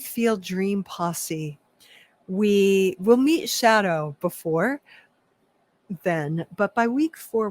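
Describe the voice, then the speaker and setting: Slow, reflective woman leading spiritual talk. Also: medium pitch. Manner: slow, reflective, laughs often, self-deprecating asides. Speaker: workshop leader.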